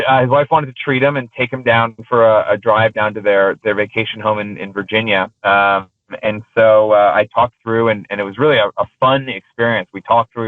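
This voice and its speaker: A man's voice: fairly low pitch, dry recording. Man telling stories over a tinny phone line. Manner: rambling, heavy on fillers and restarts. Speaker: interview guest, exotic car rental business owner. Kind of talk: casual anecdotal storytelling.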